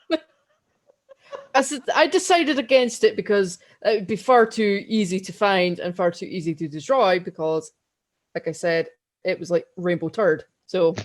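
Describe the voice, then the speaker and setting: A young Scottish woman co-hosts a podcast, spinning long, rambling stories in casual conversation and giggling often. Her voice is fairly low and a little slow.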